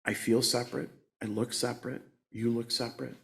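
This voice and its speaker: A man's voice: mid-range voice, little pitch movement, brisk, gravelly. A man in his sixties giving a conversational sermon as a guest speaker at a church, joking at his own expense and laughing often. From United States. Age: 60s. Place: church sanctuary.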